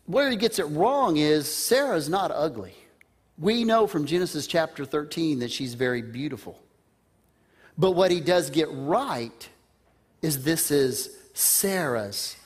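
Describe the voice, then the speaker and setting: Guy preaching, chatty and easygoing, keeps asking the crowd questions, voice sits a bit high. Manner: conversational, asks the listeners rhetorical questions. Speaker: pastor. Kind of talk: sermon.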